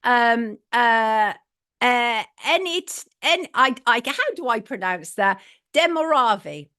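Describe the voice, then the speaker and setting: A woman's voice: a little high, expressive, slow, pushed and bright, clean tone. A middle-aged English woman hosting a live online talk show, opinionated and blunt, repeating her points for emphasis and reading out viewer messages.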